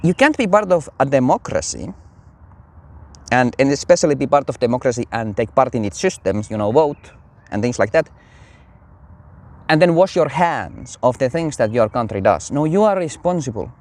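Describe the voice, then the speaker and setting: Man, casual religious talk, lively swinging pitch, rambling with fillers. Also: moderate pace. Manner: rambling, animated, many fillers. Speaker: religious commentator.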